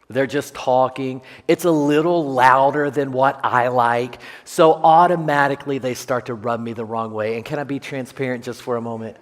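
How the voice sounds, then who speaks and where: Male pastor, mid-pitched, animated and self-deprecating as he tells a sermon story in a reverberant church hall. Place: church sanctuary.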